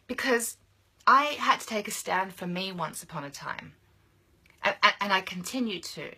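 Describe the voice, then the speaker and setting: A woman's voice: medium pitch, expressive, normal speed, bright, forceful tone, husky. A young adult woman coaching other women in a passionate, emphatic motivational monologue, repeating phrases for force.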